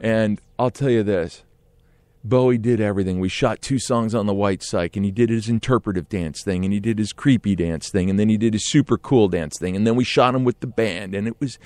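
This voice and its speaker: Lively storytelling man, dry close sound. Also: lowish voice, dry recording. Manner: animated, acts out quotes with hushed and loud voices. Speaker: guest storyteller. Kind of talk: casual anecdote on a podcast.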